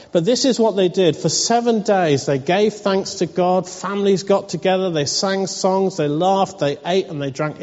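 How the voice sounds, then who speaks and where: A man's voice: on the high side, a little mellow. Man, preacher, storytelling sermon, wry, lo-fi dull sound, reverberant hall.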